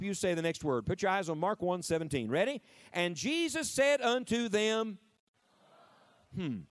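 Man, preacher, high voice, call-and-response sermon, dry close sound. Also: no echo. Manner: call-and-response, drawn-out emphatic words. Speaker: preacher at a camp meeting. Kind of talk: lively interactive sermon.

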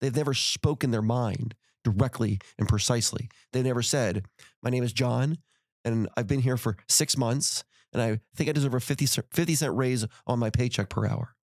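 A man's voice: mid-range voice, normal speed, darkish tone, no room sound, studio quality. A middle-aged man hosting a podcast, telling a story in casual conversation and acting out heated quotes. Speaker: podcast host.

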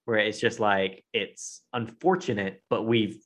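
A man's voice: on the low side, measured pace, fairly bright tone. Eager man chatting, stumbling over words. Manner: enthusiastic, stammering restarts. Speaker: podcast co-host. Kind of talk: casual chat.

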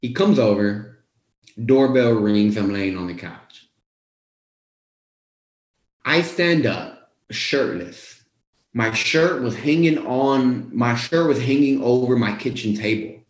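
A young man, a weight-loss coach, telling his own story to viewers in a casual, animated way and acting out what he said back then. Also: medium pitch, unhurried. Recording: roomy echo.

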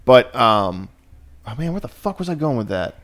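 A man's voice: mid-range voice, sing-song, moderate pace, fairly bright tone. A man who does stand-up comedy, hosting a casual podcast chat, loose-tongued and swearing often with many restarts.

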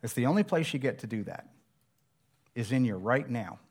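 Middle-aged male preacher, conversational and self-deprecating, mid-pitched voice, sermon with storytelling. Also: animated, normal speed, breathy edge.

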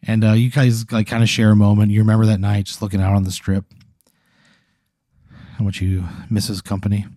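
A man's voice: lowish voice, flat delivery, brisk, pauses often, dark tone, dry recording, clean studio sound. A man hosting a comedy podcast, telling a long absurd hypothetical story full of acted quotes and frequent laughs.

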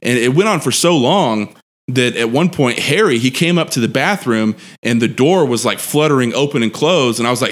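A man's voice: medium pitch, lively intonation, moderate pace. A man in his thirties tells a long story on a podcast. He rambles and swears freely, and he breaks into laughter often. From Texas. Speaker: podcast guest. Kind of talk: casual storytelling.

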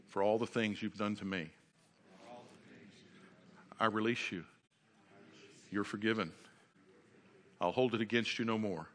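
Leading his congregation in call-and-response, a preacher earnestly guides them through a repeated prayer. His fairly low voice is a bit bright, unhurried, and broken by frequent pauses.

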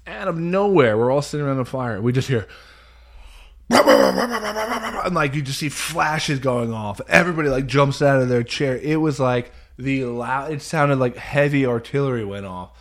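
A man in casual chat, telling a story with lots of laughter and quick shifts. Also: medium pitch, lively intonation.

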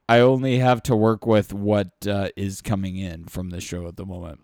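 A man with a lowish voice talks as a podcast guest, eager and rambling, dropping swear words along the way. The recording is dry and close. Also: normal speed, hardly any pauses, smooth, no echo. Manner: excitable, swears freely, rambling. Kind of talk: casual podcast chat.

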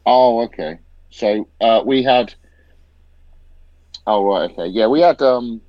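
A man's voice: medium pitch, takes it slowly, no echo, highs cut off. A man telling a military story in casual chat, swearing a lot as he talks. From Britain. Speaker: podcast host, ex-soldier event organiser.

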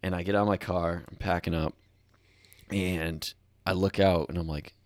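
Podcast co-host, male, deep voice, dry close mic, animated storyteller. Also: normal speed, dry recording. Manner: animated storyteller, acts out shouted quotes. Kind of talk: casual chat.

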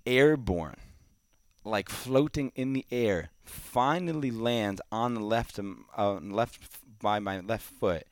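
Male guest, deep voice, rambling animated storyteller, dry close mic. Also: dry recording. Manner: animated storyteller, many "like"s, drops to a hush in quiet moments. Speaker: podcast guest. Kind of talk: casual storytelling.

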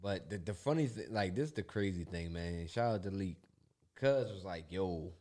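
A man's voice: low voice, expressive, moderate pace, a little mellow. A man in casual chat, telling stories in slang and acting out quoted voices.

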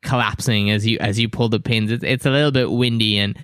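A man's voice: on the low side, steady tone, a little fast, a bit bright, clear, resonant tone, no echo, studio quality. Jokey man running a tabletop game. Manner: jokey, loose and chatty. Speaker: dungeon master and host. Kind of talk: hosting and narrating a tabletop game.

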